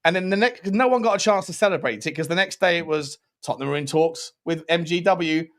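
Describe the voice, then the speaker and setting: A podcast host runs a casual football chat on a live stream, talking fast in a slightly bright, higher voice. He's chatty and jokey, reading out messages from viewers.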